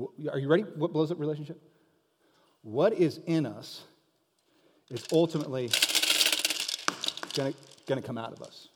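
A man with a high voice preaches in a loose, joking, conversational way, telling a story to his listeners. His voice carries a long reverb from a big hall. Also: normal speed, pauses often, warm tone, a little hiss or hum. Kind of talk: sermon.

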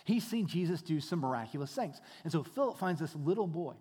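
A man leads a sermon as pastor, keeping it conversational and stacking rhetorical questions and repeated phrases. His voice sits high for a man. It rings out with a long reverberant tail in a church hall. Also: expressive, a little fast, warm tone, breathy edge.

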